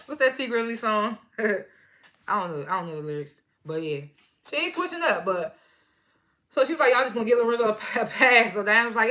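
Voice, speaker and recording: A woman's voice: on the high side, lively intonation, brisk, pushed and bright. A woman giving a casual episode recap, retelling scenes by quoting the characters in slangy talk and laughing often. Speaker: TV episode reviewer.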